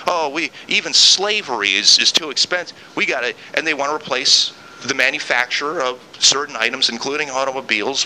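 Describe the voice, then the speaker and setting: A man's voice: medium pitch, bright, forceful tone, a little hiss or hum, low-quality recording. A man hosting a podcast, delivering an angry solo political rant with sarcastic mock quotes. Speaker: podcast host.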